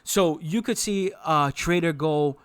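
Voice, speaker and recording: A man explaining trades in a casual, emphatic lesson, repeating key phrases to drive them home. His voice sits a little high for a man and sounds dry and close. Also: measured pace, fairly bright tone, clear, resonant tone, no room sound. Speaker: trading instructor. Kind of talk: casual teaching over a chart.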